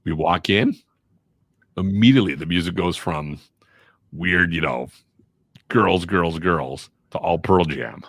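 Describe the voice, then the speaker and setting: A man, a radio and voiceover professional, telling animated anecdotes in casual chat, acting out the people in his stories. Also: low voice, slow, pauses often, dry recording, clean studio sound. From Chicago area. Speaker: guest voiceover artist and radio personality.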